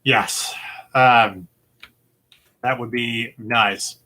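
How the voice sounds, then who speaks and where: A man's voice: medium pitch, steady tone, drawn-out words, pushed and bright. A man hosting a casual movie-quote game show, easygoing and rambling, with lots of fillers and chuckles. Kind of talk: casual chat.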